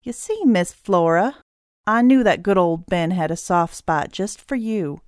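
A woman's voice: lowish voice, a little slow, a little mellow, no room sound, studio quality, close to an everyday voice. Woman voicing a gloating killer man. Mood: resentful. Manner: cold, gloating. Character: ruthless scheming male killer, gloating.

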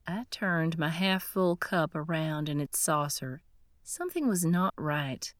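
Woman narrating a mystery audiobook, lowish voice, dry close mic. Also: lively intonation, a little slow, dry recording. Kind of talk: scripted first-person narration.

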